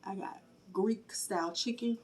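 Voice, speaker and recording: A woman hosting a mukbang video, chatting casually and straight to her viewers between bites, pausing to chew and hum approvingly. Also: mid-range voice, a little mellow, husky. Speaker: mukbang host. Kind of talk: casual chat while eating on camera.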